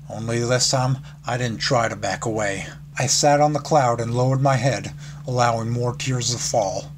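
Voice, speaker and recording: A man reads a fan fiction story aloud in a casual way, with small slips and restarts. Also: mid-range voice. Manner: casual reading with slips and laughs. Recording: background noise.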